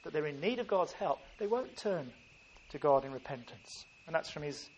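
A man's voice: a little high, animated, darkish tone. Earnest man preaching a sermon. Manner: earnest, emphatic, with halting restarts. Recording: faint ambient background noise.

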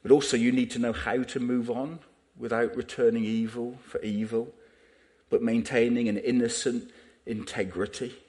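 A man's voice: mid-range voice, steady tone, moderate pace, mellow. A man preaching a sermon in a conversational way, often asking the listeners rhetorical questions.

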